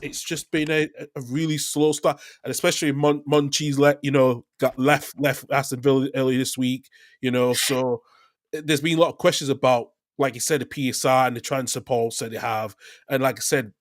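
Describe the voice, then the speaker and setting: A man's voice: medium pitch, dry recording. A man co-hosting a casual football podcast, rambling through his points with fillers and restarts. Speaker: podcast co-host.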